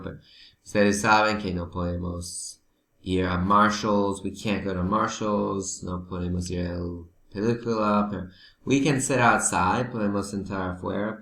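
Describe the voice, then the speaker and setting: A man teaching a slow, patient vocabulary lesson who switches into Spanish to help his learners. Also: deep voice, gravelly, a bit bright, roomy sound.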